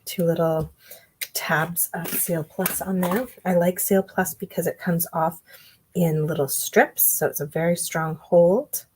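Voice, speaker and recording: A woman giving a relaxed card-making tutorial, chatting and thinking aloud as she works. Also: lowish voice, a little slow, breathy edge, low-quality recording. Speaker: craft demonstrator.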